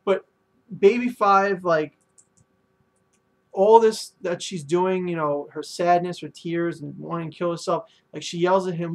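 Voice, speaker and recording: A man's voice: high-pitched, moderate pace, vocal fry. A man reviewing a manga chapter in a casual, rambling way, full of ums and likes.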